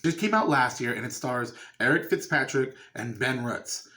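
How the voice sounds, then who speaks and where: A man's voice: medium pitch, animated, moderate pace, pushed and bright. A man chatting loosely about a horror film he watched, swearing casually as he recaps it. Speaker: movie reviewer. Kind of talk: casual review chat.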